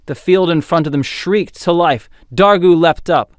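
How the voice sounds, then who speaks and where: A man narrating a fantasy audiobook in an expressive, dramatic storytelling style. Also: a little high, moderate pace, hardly any pauses, dry recording, clean studio sound. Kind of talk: scripted narration.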